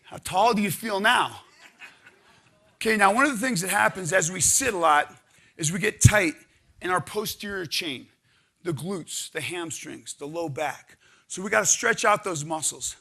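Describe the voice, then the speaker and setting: A man leading a live audience through stretching and partner exercises, coaching energetically and counting out loud. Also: high voice, moderate pace, gravelly. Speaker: exercise instructor. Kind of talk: live workshop exercise instruction. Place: conference room with audience.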